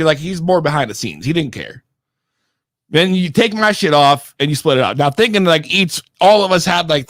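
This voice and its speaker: Young guy from Connecticut, high and very animated. Profane, rambling storyteller. Dry close mic. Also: dry recording. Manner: slangy and rambling with restarts. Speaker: podcast regular telling a story. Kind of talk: casual storytelling.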